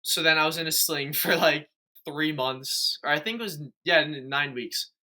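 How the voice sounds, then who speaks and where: Young male podcast host; rambling casual storyteller, slightly high, bright tone. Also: moderate pace. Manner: rambling storyteller, many fillers and restarts. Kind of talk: casual chat.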